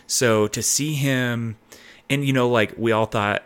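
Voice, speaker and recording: A man's voice: medium pitch, measured pace, clean tone. A man hosting a podcast, chatting casually and retelling stories with lots of fillers. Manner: animated storytelling, fillers. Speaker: podcast host. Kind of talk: casual chat.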